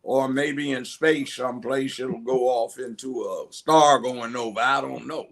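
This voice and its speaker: A man's voice: medium pitch, a little slow, creaky, a bit bright. A man in his seventies from Los Angeles, speaking as a guest in a conversational interview, emphatic and given to acting out voices in his stories. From Los Angeles, United States. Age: 70s. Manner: emphatic storyteller who acts out voices.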